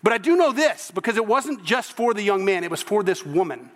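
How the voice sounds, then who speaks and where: A male pastor preaching a sermon, animated and throwing in joking asides. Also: high-pitched, fairly quick, in a large hall.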